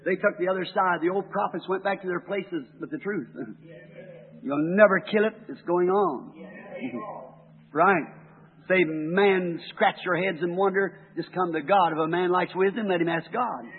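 A man's voice: high voice, steady tone, moderate pace, breathy edge. A man preaching a fervent sermon that rises to emphatic peaks. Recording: tinny old tape in a reverberant hall.

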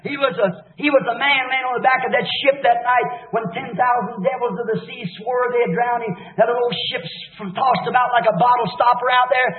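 High-voiced fiery preacher, tinny echoey tape. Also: male voice, steady tone, fairly quick, hardly any pauses. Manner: fervent, swings between shouting and hushed lows. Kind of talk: impassioned revival sermon.

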